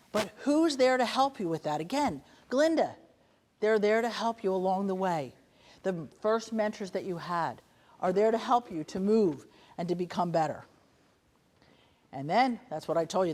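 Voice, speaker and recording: A woman in her sixties giving a guest lecture to nursing students, chatty and full of anecdotes, often quoting people in quick asides. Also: medium pitch, darkish tone. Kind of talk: lively storytelling lecture to students.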